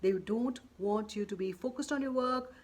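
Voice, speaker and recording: A woman's voice: fairly high pitch, moderate pace, darkish tone. A woman presenting workplace advice straight to her viewers, in a firm, emphatic way that keeps stepping through examples. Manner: firm and emphatic, repeating "or you could say" between examples. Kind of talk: direct-to-camera advice talk.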